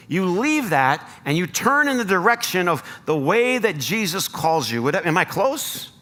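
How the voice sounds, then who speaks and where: A man's voice: sits high, sing-song, unhurried, hardly any pauses, bright, forceful tone. American guy preaching in a church, earnest, pushes up to emphatic bits, big echoey hall. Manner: earnest, rising to emphatic appeals. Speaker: pastor. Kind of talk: sermon. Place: church sanctuary.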